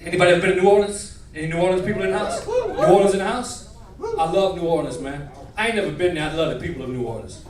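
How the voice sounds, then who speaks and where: A man doing a stand-up comedy set in a nightclub, animated and working the crowd. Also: high voice, very fast. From northern United States. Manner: animated, switching voices, crowd work. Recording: roomy club from far, crowd.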